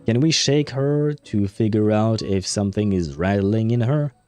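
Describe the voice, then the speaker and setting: A man's voice: fairly low pitch, moderate pace, mellow, faint music behind. A French-speaking man chatting casually as he streams a game, rambling with lots of fillers. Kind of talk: casual gameplay commentary.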